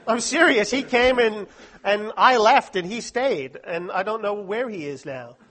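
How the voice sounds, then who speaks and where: A man's voice: high voice, expressive, a little slow, a bit bright, slight background noise. A man giving a humorous, self-deprecating talk to a live audience at a Christian study week. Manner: joking, self-deprecating, chatty asides.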